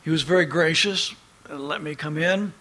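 A man preaching a sermon as pastor, reading scripture in slow, emphatic phrases. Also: a little high, bright, forceful tone.

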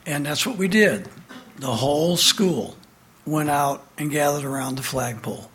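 Older man, 70s, from the Midwest, slightly high voice, storytelling address, emphatic then hushed. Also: expressive, unhurried, slight background noise. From Midwestern United States. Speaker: speaker giving an address. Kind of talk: personal recollection in a prepared address.

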